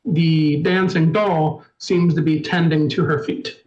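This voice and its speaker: A man narrating a tabletop game as storyteller, in a measured, descriptive way. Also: fairly high pitch, fairly even intonation, a little mellow, muffled recording. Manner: measured, descriptive, apologetic asides.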